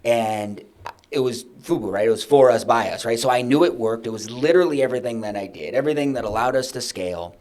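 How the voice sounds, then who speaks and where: Hombre contando anécdotas con animación. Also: male voice, medium pitch, fast talker. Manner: animated, acts out his own past dialogue. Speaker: podcast guest, founder. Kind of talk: candid conversational storytelling.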